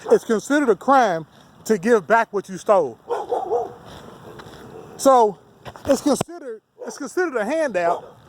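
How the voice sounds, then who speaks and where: A man's voice: extremely high pitch, lively intonation, unhurried, long pauses, background noise. A man delivering a heated, profane, rambling rant as a solo vlogger. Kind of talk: ranting monologue to camera.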